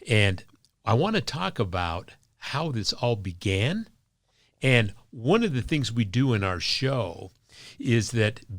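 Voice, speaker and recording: A man hosting a podcast, introducing his guest in an unhurried way and prompting the interview with short affirmations. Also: on the low side, dry recording, studio quality. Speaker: podcast host.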